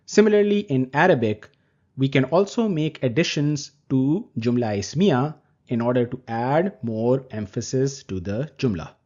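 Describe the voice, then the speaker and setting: A man teaching Arabic grammar in a recorded lecture, explaining terms slowly and deliberately. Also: mid-range voice, expressive, darkish tone. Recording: dull lo-fi recording.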